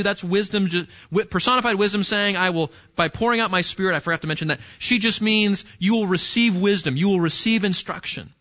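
A male pastor preaching an animated sermon and talking straight to his listeners. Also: high voice, fairly quick, few pauses. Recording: dull lo-fi recording.

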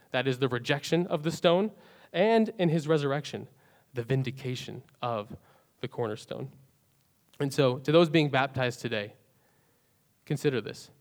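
A man delivers a sermon in a slightly raised voice. He builds to loud, emphatic declarations and then lets his phrases fall away almost to a whisper. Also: a little high. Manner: emphatic preaching that swells loud then drops to near whispers. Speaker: pastor.

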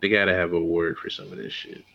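A man's voice: low-pitched, flat delivery, quick pace, pushed and bright, no room sound, highs cut off. A man co-hosting a podcast, rambling in casual chat about old TV shows. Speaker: podcast co-host.

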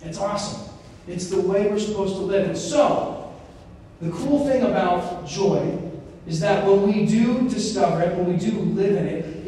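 A young man giving a casual faith talk, telling stories with lots of fillers. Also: high-pitched. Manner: animated storytelling with many fillers. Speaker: speaker on Christian formation. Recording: very echoey hall, mic far off, faint noise.

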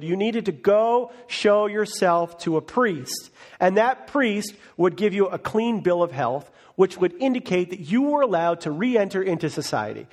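Guy pastor, high-ish voice, animated sermon, acts out little bits. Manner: lively storytelling with voiced bits.

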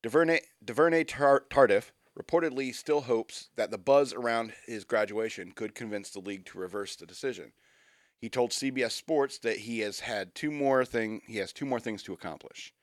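A man's voice: mid-range voice, moderate pace, dry recording, studio quality. A man hosting a radio show, reading news items aloud and adding wry, joking asides in casual banter.

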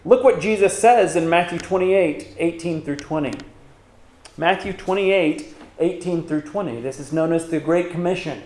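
A man's voice: on the high side, moderate pace, a little mellow, reverberant, slight background noise. A man pastor preaching a sermon, asking rhetorical questions and reading scripture aloud with emphasis.

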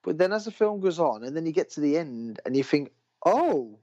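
A man's voice: on the high side, animated, quick pace, mellow. Rambling man chatting on a film podcast. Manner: rambling, enthusiastic, self-interrupting. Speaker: podcast co-host. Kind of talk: casual chat. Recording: dull lo-fi recording.

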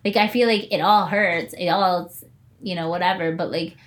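A young woman in casual conversation, chatty and quick to laugh, swearing freely as she talks about training in martial arts. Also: on the low side, fairly even intonation. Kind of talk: casual chat.

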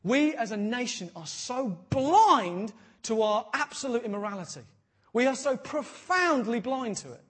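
A man in his thirties preaching a sermon as a pastor, animated and jokey, quoting voices and dropping to a hush for effect. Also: very high voice, unhurried, husky. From Britain.

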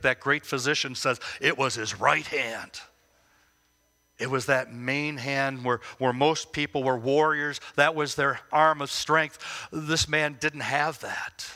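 A man giving devotional Bible teaching, emphatic, with rhetorical questions and slow, stressed phrases. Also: on the high side, bright, forceful tone. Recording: long reverb as in a hall.

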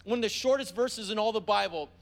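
A man preaching a sermon as pastor, driving points home with repeated phrases and slowing down to read scripture. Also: high voice, gravelly. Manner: slows down when reading scripture aloud. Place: church service.

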